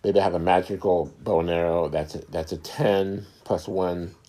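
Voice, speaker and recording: Deep-voiced middle-aged man explaining. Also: steady tone, mellow. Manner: unhurried, searching for words, repeats himself. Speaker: host. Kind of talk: casual explainer talk.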